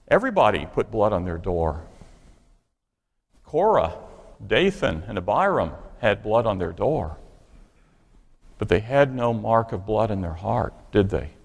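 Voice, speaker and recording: A man preaches with an emphatic delivery, pressing his listeners with question after question. His mid-range voice carries a gravelly edge. The sound rings out in a long, echoing reverb. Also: lowish voice, very animated, measured pace, long pauses. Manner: emphatic, asks the congregation rhetorical questions. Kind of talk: sermon.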